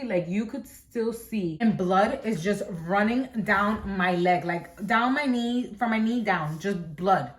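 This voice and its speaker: Animated young woman telling a story. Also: mid-range voice. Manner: animated, dramatic, heavy use of "like". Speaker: storytime vlogger. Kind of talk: casual storytime. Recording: roomy echoing room.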